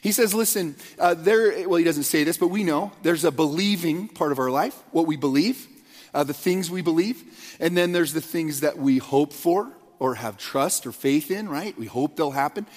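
A pastor with a fairly high but darkish voice preaches an earnest, conversational sermon at a moderate pace, in loose stretches packed with restarts and fillers. A long reverb tail follows his voice, as in a church auditorium.

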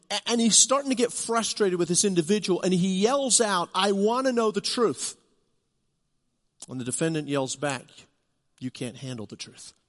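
A man preaching a sermon as pastor, earnest and building to emphatic questions. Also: high-pitched. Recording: long hall reverb.

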